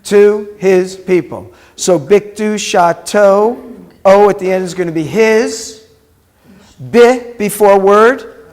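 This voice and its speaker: A man's voice: high voice, darkish tone. A man, a rabbi, teaching a Hebrew class and patiently explaining pronunciation step by step.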